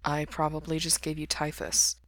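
A woman doing a quiet, weary sick young man. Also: little pitch movement, unhurried, no room sound. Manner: quiet, subdued, low voice.

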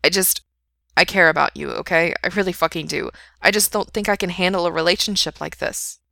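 A woman's voice: fairly low pitch, fairly quick, vocal fry, pushed and bright, dry recording, studio quality. Woman reading as an anxious young man, apologetic. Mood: pleading. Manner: pleading, apologetic. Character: anxious young man turning down two friends.

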